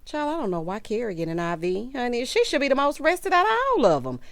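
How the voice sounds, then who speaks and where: A young woman gives sassy, gossipy commentary on a reality show, her voice swinging widely in pitch with lots of lively expression. She laughs often between remarks. The sound is dry and close, with no room echo. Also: fast. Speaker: YouTube reality-TV recapper. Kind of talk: casual recap commentary.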